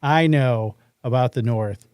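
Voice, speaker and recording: A man's voice: medium pitch, a little slow, a little mellow, clean tone, no echo, studio quality. A man from Iowa with a slight Midwestern accent, co-hosting a casual podcast chat and putting on silly accents for jokes. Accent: Midwestern hint. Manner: jokey, slips into mock accents for laughs. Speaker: podcast co-host.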